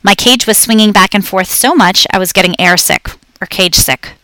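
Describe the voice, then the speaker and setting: A woman narrating a children's story aloud in a clear, lively storytelling manner. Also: mid-range voice, moderate pace, no room sound. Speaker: audiobook reader.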